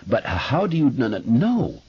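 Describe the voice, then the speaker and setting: A man's voice: medium pitch, huge pitch swings, normal speed, husky, dull audio, pitched above the performer's own voice, heavily acted. A man voicing an earnest eleven-year-old boy with a heavy stutter, in an audiobook.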